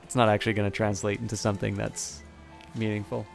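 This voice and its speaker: A man narrating as game master for a tabletop game livestream, talking in a halting, self-correcting way. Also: on the low side, level tone, vocal fry, soft background music.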